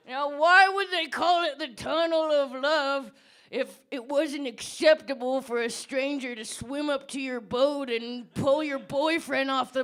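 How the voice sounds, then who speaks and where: A woman voicing an unhinged old man who lives under a bridge, rambling slowly on a pub stage with sudden shouts. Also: high-pitched. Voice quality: gravelly, creaky old-man voice. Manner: slow, rambling, with bursts of shouting. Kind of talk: comedic character monologue at a live debate.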